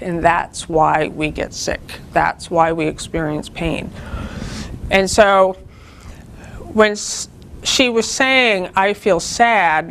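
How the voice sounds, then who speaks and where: A woman's voice: medium pitch, fairly bright tone, slight background noise. A woman leading a spiritual group, giving an earnest, informal talk that teaches through personal stories.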